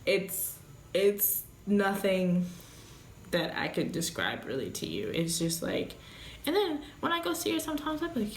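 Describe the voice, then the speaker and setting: A young woman vlogs in a frank, emotional way, swearing freely as she talks. Her voice sits at an everyday pitch for a woman. The sound carries a noticeable room echo. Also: wildly swooping pitch, unhurried, slight background noise. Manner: blunt, profane, emotional. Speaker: vlogger, new mother. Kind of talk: candid casual vlog talk. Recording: echoey room.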